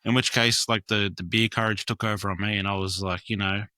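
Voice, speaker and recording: A man's voice: fairly low pitch, steady tone, brisk, sharp tone, no room sound. A young Australian man telling long, rambling stories on a podcast, full of fillers and swearing. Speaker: podcast guest, graffiti artist. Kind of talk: casual storytelling chat.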